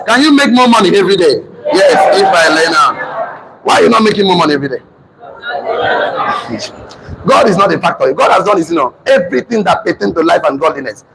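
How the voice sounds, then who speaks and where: A Nigerian-accented man leads a motivational class with a high, ringing voice. He talks emphatically, repeats his points and drills the room in call-and-response. A faint hiss of noise sits under him. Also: creaky, a bit bright, rough recording. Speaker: motivational teacher.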